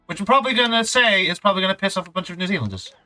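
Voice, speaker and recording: Lively, bright-voiced male game streamer. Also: high-pitched, racing, rough recording. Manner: chatty, self-mocking, rambling asides. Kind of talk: casual gameplay commentary. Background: faint game music.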